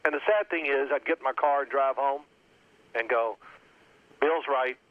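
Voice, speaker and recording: A man in his sixties, a former quarterback, telling lively football anecdotes and acting out his old coach's yelling. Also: medium pitch, normal speed, no room sound. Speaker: former NFL quarterback guest. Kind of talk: storytelling phone interview. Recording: tinny phone line.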